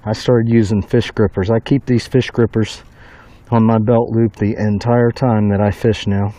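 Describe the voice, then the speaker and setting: A middle-aged man filming his own fishing trip, telling folksy stories and whooping with excitement over his catch outdoors on a bridge at night. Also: on the low side, normal speed, no room sound. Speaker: fishing vlogger. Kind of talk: casual fishing commentary.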